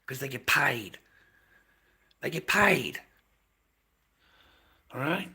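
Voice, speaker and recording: A middle-aged man talks to his livestream chat in a gravelly, husky voice with a bright edge. He is blunt and coarse, swearing often and calling everyone mate. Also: medium pitch, expressive, extremely slow. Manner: swearing, aggressive, blunt, calls people mate. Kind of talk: casual livestream chat with viewers.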